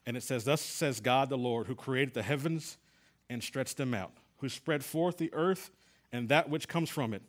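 A man's voice: medium pitch, normal speed. A middle-aged man and Bible class teacher giving an earnest sermon-style testimony, often restarting his sentences. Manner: earnest storytelling with repeated restarts.

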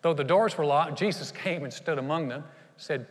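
A male pastor preaching a sermon in an animated way. He acts out quotes and often laughs. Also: on the high side, a little fast, few pauses, long reverb tail.

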